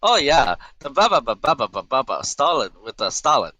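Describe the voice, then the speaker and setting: A man voicing Bara, a brash, crude adventurer reacting loudly in a tabletop game. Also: mid-range voice, sing-song, brisk, no echo, voice pushed up. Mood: baffled. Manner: loud, incredulous, swearing.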